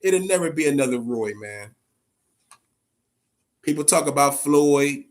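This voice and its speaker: Profane, animated man with a higher voice. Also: a little slow. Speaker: boxing channel host. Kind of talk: casual live-stream talk.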